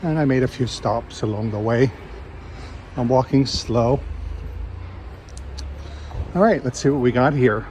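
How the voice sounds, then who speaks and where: Man vlogger, unhurried delivery, mid-pitched, outdoor street noise behind. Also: low-quality recording. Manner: relaxed, thinking aloud while walking. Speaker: travel vlogger. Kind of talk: casual walking travel vlog. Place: outdoors on a city seaside street.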